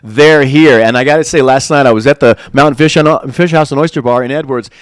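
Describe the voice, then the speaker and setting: A man's voice: mid-range voice, quick pace, smooth, dry recording. A man hosting a live local morning show from a studio, talking in a rambling, friendly way with many fillers and restarts. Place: hotel TV studio.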